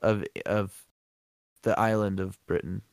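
Smooth-voiced man, profane. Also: on the low side, steady tone, unhurried, no echo, studio quality. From American Midwest. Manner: rambling, profane, laughs often. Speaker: co-host. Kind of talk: casual podcast chat.

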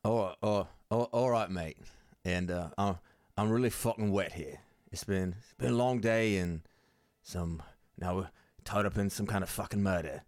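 A man doing a gruff, fed-up adventurer. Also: low voice, normal speed, dry recording, clean studio sound, natural voice. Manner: blunt, swearing, stammering.

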